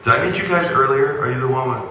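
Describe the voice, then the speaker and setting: A man's voice: mid-range voice, fast talker, a crowd in the background. A man, a voice actor, chatting casually and jokingly on a convention panel, with plenty of fillers. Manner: relaxed and joking, with many fillers. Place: large convention panel hall with an audience. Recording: echoey hall taped from far off, noisy.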